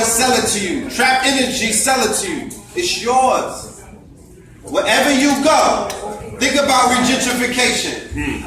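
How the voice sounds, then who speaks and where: A man giving an impassioned lecture to a gathering, preachy and fiery, firing off rhetorical questions. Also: extremely high pitch. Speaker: speaker addressing a gathering. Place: indoor event space. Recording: echoey room, voice far from mic.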